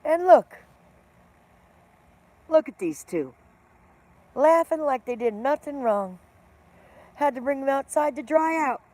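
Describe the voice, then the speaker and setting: A middle-aged woman hosts her own livestream, chatting loosely with viewers and calling them by name. She talks at an unhurried, drawn-out pace and drifts from one story to the next. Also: high voice, lively intonation, darkish tone, no room sound. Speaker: livestream host. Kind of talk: casual livestream chat with viewers.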